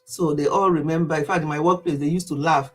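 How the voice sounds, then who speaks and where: Husky-voiced Nigerian woman, chatty. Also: quick pace. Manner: chatty, animated, laughs easily, wide swings in pitch. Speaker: vlogger. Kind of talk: casual monologue to camera.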